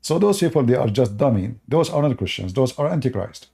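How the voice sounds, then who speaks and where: Blunt man with a mellow, dark voice. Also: medium pitch, animated, brisk, creaky, slightly rough. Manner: blunt, dismissive, repeats words. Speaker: host. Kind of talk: live-stream debate talk.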